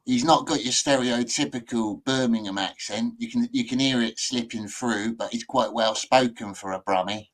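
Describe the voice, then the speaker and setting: A man's voice: mid-range voice, moderate pace, hardly any pauses, poor audio. Laid-back British man hosting a chat. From Britain. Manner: chatty, laid-back, uses British slang like "mate" and "lads". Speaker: host. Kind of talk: casual chat.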